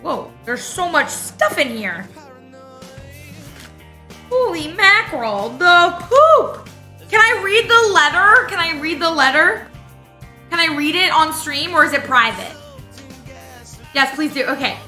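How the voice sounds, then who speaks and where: A young woman streamer, excitable and gushing, swearing freely as she chats casually on a live stream. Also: high-pitched, measured pace, faint music behind.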